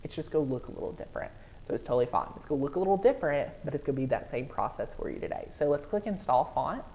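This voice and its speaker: A woman hosting a live crafting software tutorial, bubbly and excitable, talking viewers through each step. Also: deep voice, racing.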